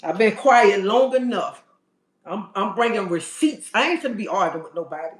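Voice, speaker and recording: His voice sits high and expressive at a moderate pace as this livestream host rants to viewers, sassy and emphatic, calling them "honey" and checking "okay?". The audio carries a roomy echo.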